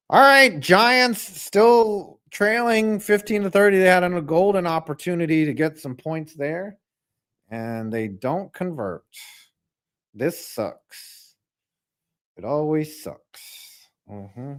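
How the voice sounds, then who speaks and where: A man reacting live to a football game, calling plays and joking in profane, animated banter. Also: a little high, slow, smooth. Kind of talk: live sports reaction commentary.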